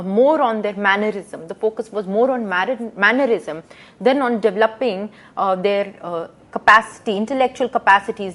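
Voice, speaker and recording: A woman lecturing to students, reading out quotations and explaining them with rhetorical questions and frequent pauses. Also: mid-range voice. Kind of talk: recorded lecture.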